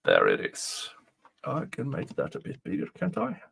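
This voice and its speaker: A man's voice: mid-range voice, huge pitch swings, normal speed, gravelly, a bit bright, husky. A man hosting a casual livestream, reading aloud and chuckling often at his own jokes. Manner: chuckles often, jokey asides. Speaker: livestream host commenting on a trial. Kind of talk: casual live commentary.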